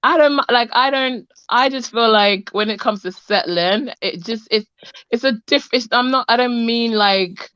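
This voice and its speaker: A woman's voice: fairly high pitch, unhurried, a bit bright, smooth, no room sound. Frank South London woman, muffled. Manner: emphatic, frank, laughs often, restarts sentences. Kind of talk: casual chat.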